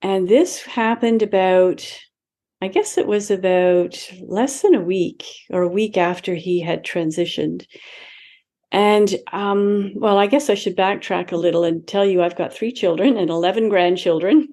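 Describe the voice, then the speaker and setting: A woman's voice: mid-range voice, a little slow, warm tone. A woman in her seventies, a guest in an interview, telling a personal story in a reflective way, acting out past conversations and laughing lightly now and then. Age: 70s. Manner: reflective, acts out her own past dialogue, laughs lightly between remarks.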